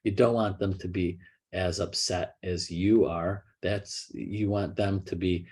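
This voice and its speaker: A middle-aged man with an American accent gives casual advice to agents. His voice is low and husky. He rambles, restarts his sentences and acts out what people say. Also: normal speed, darkish tone. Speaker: real estate brokerage leader.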